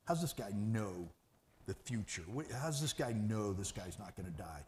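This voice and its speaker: A man preaching a sermon as pastor, animated and conversational, jumping from loud bursts to hushed asides. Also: fairly low pitch, moderate pace, a little hiss or hum.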